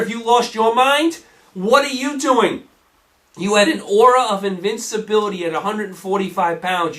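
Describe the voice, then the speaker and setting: A man's voice: sits high, bright, forceful tone, recorded from a distance. A man hosting a solo sports talk show, ranting in an exasperated way and firing off rhetorical questions.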